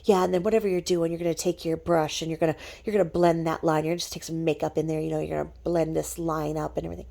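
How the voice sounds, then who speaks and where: A woman's voice: sits low, flat delivery, very fast, gravelly, few pauses, warm tone. A woman imitating a pretentious, boastful woman who talks like an expert. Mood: lecturing. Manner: smug, know-it-all.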